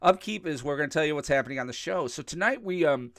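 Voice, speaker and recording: A man co-hosts a podcast in a loose, rambling chat, cracking jokes as he goes. His pitch swings widely and stays lively, and the sound is dry and close with no room echo. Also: fast talker. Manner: jokey, rambling, laughs often. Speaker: podcast co-host. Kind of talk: casual chat.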